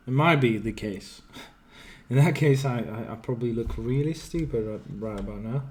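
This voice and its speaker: Fluchender Gamer, der laut denkt. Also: male voice, medium pitch, moderate pace, darkish tone, slight background noise. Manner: thinks aloud, swears freely. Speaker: game streamer. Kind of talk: casual gameplay commentary.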